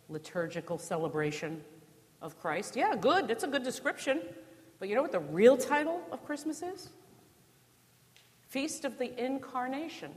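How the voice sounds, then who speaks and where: A woman from New Jersey preaching a sermon in a conversational way, with rhetorical questions and dry humor, in a church. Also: medium pitch. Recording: long reverb of a church.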